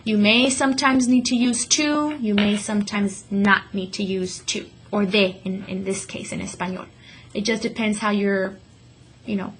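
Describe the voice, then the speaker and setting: A woman teaching a Spanish vocabulary lesson to students, slowing down to say each word clearly and repeating it for them to echo. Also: mid-range voice, a bit bright, a little hiss or hum. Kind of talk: classroom lesson.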